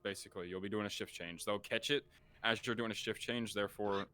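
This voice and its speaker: Low-voiced man directing a roleplay. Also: steady tone, pushed and bright, clean tone. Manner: halting, with many fillers and restarts. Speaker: game master directing players. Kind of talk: casual instructions in a roleplay session.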